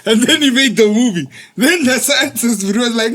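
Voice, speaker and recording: A man co-hosting a podcast in casual chat, animated and jokey, often laughing as he tells stories. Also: very high-pitched, moderate pace. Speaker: podcast co-host.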